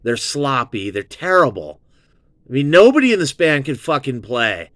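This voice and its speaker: A Southern California man in his fifties hosts his own show, giving a casual, rambling music review that is profane and full of fillers. His mid-range voice swings widely in pitch, at a moderate pace with a fairly bright tone, and the studio sound is clean with no room sound.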